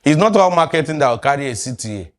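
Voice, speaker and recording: Animated man teaching sales. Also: on the high side, quick pace. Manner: animated, quizzes the audience. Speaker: sales trainer. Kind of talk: classroom lecture.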